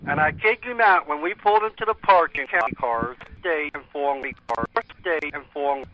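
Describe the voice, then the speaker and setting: A man's voice: fairly high pitch, normal speed. A man calling in to a casual chat show, joking and teasing. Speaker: caller. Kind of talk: casual chat on a phone line. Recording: dull lo-fi phone line.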